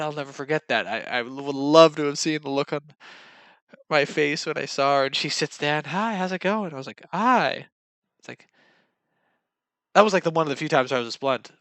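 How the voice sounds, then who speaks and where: A man's voice: a little high, moderate pace, gravelly, fairly bright tone, dry recording. A young man telling casual dating stories in a rambling, self-mocking way, acting out what people said. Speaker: vlogger. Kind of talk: casual storytelling monologue.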